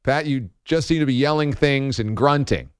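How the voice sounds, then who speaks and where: A man's voice: mid-range voice, normal speed, smooth, no room sound. A man hosting a sports talk radio show, chatty and laughing often, on a studio microphone.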